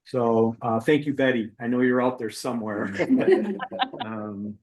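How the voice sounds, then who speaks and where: A man chairing a board meeting, speaking haltingly with many uhs. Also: medium pitch, fairly even intonation, rough recording. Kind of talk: thanking remarks at a meeting.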